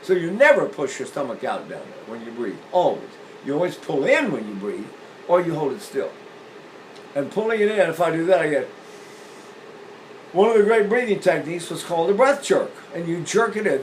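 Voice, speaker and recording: Older man teaching voice, lively and demonstrative. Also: on the high side, a little fast, a little hiss or hum, rough recording. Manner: animated, illustrating points with sung demonstrations; repeats and restarts phrases while explaining. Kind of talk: demonstrative vocal lesson.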